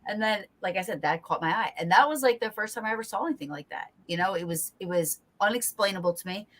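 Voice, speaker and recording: A woman chatting casually as a podcast guest, animated and quick to react. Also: mid-range voice. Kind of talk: casual chat.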